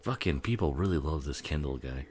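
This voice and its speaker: A man's voice: very deep voice, expressive, a little fast, a little mellow. A man giving casual, profane, sarcastic commentary on a film, often laughing as he talks.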